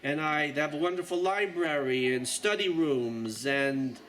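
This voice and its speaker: Here a sixty-something man with a New York accent talks at a fairly high pitch, unhurried and fairly bright, on a low-quality recording. A journalist, he gives a relaxed, rambling tour of his exhibition peppered with jokes.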